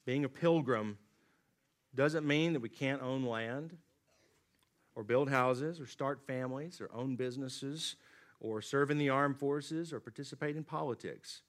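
A man preaching a sermon, swinging from loud emphatic lines to low, quiet drops. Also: a little slow. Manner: dynamic preaching, rising emphatic then dropping low and quiet. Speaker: pastor.

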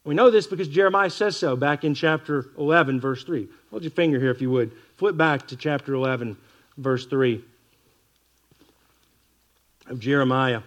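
A man preaching an expository sermon, reading scripture slowly and with weight, with wry asides to the congregation. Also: medium pitch, highs cut off.

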